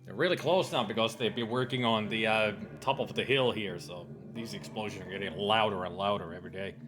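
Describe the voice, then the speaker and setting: A man's voice: lowish voice, brisk. A man doing casual commentary while playing a video game, rambling and cracking mock-serious jokes. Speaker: let's play gamer. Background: game music.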